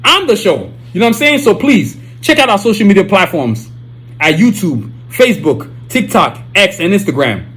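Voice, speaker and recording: A young man hosting a solo podcast, talking in a boastful, slang-heavy, animated way. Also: sits high, moderate pace, soft background music. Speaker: podcast host.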